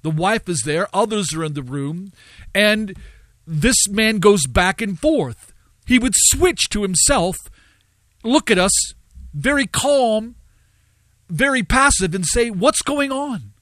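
A man's voice: high voice, expressive, slow, pauses often, a bit bright, dry recording. A man hosting a live radio talk show, telling a story and preaching in an earnest cadence with frequent fillers.

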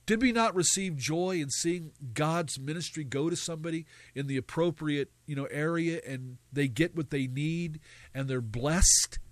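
An earnest man with a fairly high voice teaching a session on spiritual gifts. He talks in preacherly runs, stacking phrase after phrase. The sound is close and dry, with no room around it. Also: moderate pace, dry recording. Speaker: Bible teacher.

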